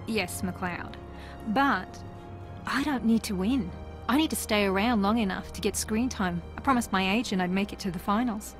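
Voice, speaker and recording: Sardonic reality-show contestant lady, voiced by a woman in a mystery game, dry teasing deadpan, middle pitch. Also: moderate pace, soft background music, lightly acted. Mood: wry. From New Zealand. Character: wry, sarcastic female reality-TV contestant, former aerialist. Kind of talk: video game voice acting.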